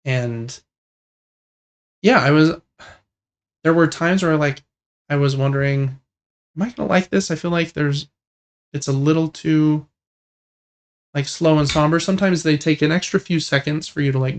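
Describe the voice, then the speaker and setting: A man co-hosting a gaming podcast, chatting casually in a relaxed, rambling way with lots of fillers. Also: on the high side. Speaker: podcast co-host. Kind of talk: casual chat about video games.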